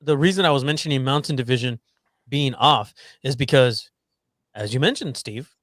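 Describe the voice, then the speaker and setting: A man co-hosting a sports podcast in casual chat, lively and teasing as he explains the schedule. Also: medium pitch, normal speed, dry recording, clean studio sound. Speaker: podcast co-host.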